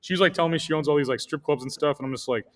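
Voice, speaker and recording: Fast-talking man on a podcast. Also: on the high side, fairly bright tone. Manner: rambling, profane storytelling. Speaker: podcast host. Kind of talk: casual comedic chat.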